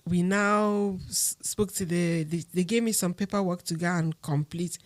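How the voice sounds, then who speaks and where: A woman's voice: lowish voice, normal speed, no room sound. A middle-aged woman from Nigeria with a Nigerian accent, a podcast guest telling her story casually and acting out the dialogue of others. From Akwa Ibom, Nigeria. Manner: animated, acts out dialogue with others.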